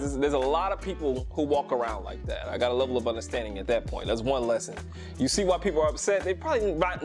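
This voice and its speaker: Upbeat male vlogger, chatty storyteller who keeps laughing and voicing the people he quotes, mid-pitched, music bed underneath. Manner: animated, laughs often, acts out quoted people in a higher voice. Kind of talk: casual storytelling to camera.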